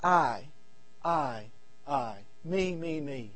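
A man with a Southern American accent preaching a revival sermon, swinging from shouted appeals to low murmurs and repeating his phrases. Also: animated, very slow, faint music behind. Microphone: audio recording of a church service.

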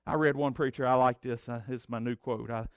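A man preaching a sermon as pastor, swinging between loud emphatic declarations and low conversational asides. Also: steady tone, brisk, dry recording, studio quality.

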